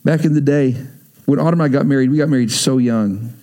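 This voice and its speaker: A man's voice: mid-range voice, fast talker, warm tone. A middle-aged man, preaching a sermon as a pastor, telling stories with playful acted asides and sound effects.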